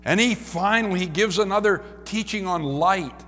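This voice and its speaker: A man preaching a sermon in a church, reading scripture and praying, swinging from loud cries to soft, low passages. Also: moderate pace, hardly any pauses, long reverb tail. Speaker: pastor. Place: church sanctuary.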